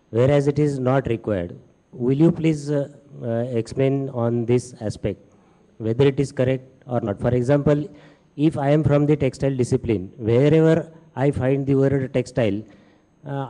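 Dark-voiced man asking questions. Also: mid-range voice, low-quality recording. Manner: formal and polite, lists questions in order.

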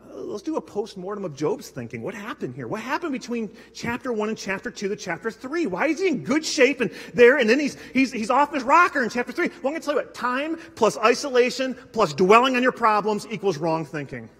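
A man's voice: very high voice, sing-song, brisk, hardly any pauses, a bit bright, slightly rough. A male pastor preaching a sermon, telling personal stories conversationally with self-deprecating humor. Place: church sanctuary. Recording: long hall reverb.

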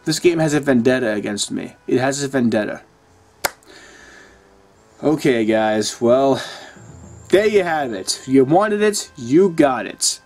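A man's voice: medium pitch, expressive, measured pace, darkish tone, soft background music. A young man doing casual commentary over a video game, swearing often and ranting in exasperation. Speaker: let's play gamer.

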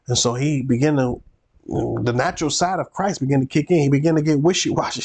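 A man's voice: mid-range voice, fairly even intonation, fairly quick, creaky, darkish tone, slightly rough. A male pastor teaching a Bible study, preacherly and repeating phrases for emphasis.

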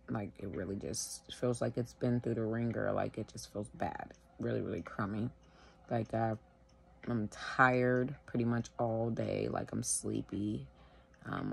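A sick woman at home, wheezing and short of breath, talking casually to the camera in a tired, slow way. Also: very deep voice, steady tone, creaky, slightly rough. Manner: tired, slow, filler-heavy. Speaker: vlogger sharing her illness.

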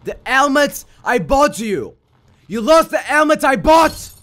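Excitable high-voiced gamer man. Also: a little slow. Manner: loud, shouty, swears a lot, jokey. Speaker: gaming YouTuber. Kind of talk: excitable gameplay commentary.

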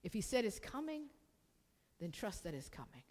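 A woman's voice: medium pitch, sing-song, moderate pace, darkish tone. A woman pastor preaching a sermon, repeating phrases and calling for responses from the congregation. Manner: preaching with call-and-response and repetition. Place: church sanctuary. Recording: long reverb of a church hall.

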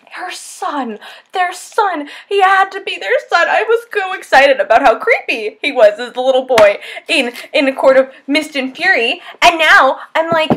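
A woman's voice: very high voice, fairly bright tone. A young woman vlogging about a book she just finished, gushing and breathless, breaking into squeals and near-tears. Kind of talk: excited spoiler-filled book talk. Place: at home, lit by setting sun.

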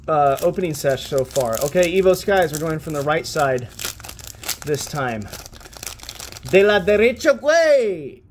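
A man's voice: high voice, slight background noise. Profane, wisecracking man opening card packs. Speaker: pack-opening channel host. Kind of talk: casual card-opening commentary.

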